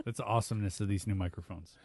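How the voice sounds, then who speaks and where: A man hosting a casual movie chat podcast, jokey and quick to laugh, reading out a film summary in a drawn-out way. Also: lowish voice, steady tone, a little mellow, no echo, clean studio sound. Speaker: podcast host. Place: small studio. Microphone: new studio microphone.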